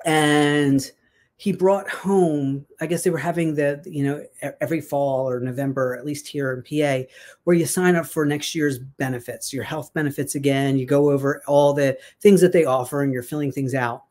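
A woman telling a personal story in a casual, chatty way, animated and full of fillers and restarts. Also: deep voice. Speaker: guest sharing a success story.

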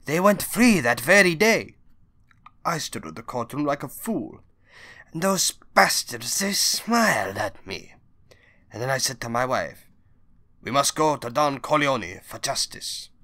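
A grieving older undertaker pleads for justice in a hushed, held-back voice, as a man reading a storybook puts him on. His tone stays bright and clear even at low volume. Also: a little slow, no room sound. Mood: bitter.

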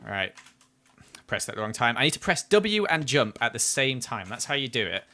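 This mid-range male voice swings widely in pitch and runs a little fast, with a bright, forceful edge. He narrates his live gameplay on stream, criticizing his own moves and getting heated at near misses.

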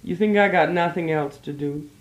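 A woman's voice: fairly low pitch, moderate pace, natural voice. A woman voicing a suspicious male shopkeeper who answers curtly and impatiently. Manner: curt, impatient. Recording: roomy old archive recording.

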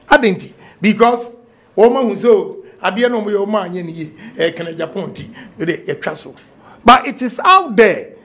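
A man with a Ghanaian accent speaking excitably about party politics, mixing English and Twi. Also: sits high. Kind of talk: animated political talk.

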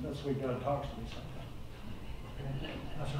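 A man's voice: mid-range voice, steady tone, a little fast, long pauses, noisy background. An older man preaching a sermon to a recovery program group, earnest and plain-spoken, rising to urgent exhortation. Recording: echoey room, voice from far off mic.

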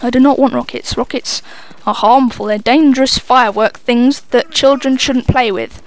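A woman's voice: a little high, moderate pace, no echo. A young woman giving live gameplay commentary, swearing freely and mocking herself as she plays. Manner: sweary, self-mocking running banter. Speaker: gamer commentator.

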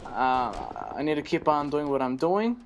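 A young man giving rambling, excitable live commentary while he plays a shooter game, swearing now and then. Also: fairly high pitch, moderate pace, a little hiss or hum. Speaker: gaming channel host.

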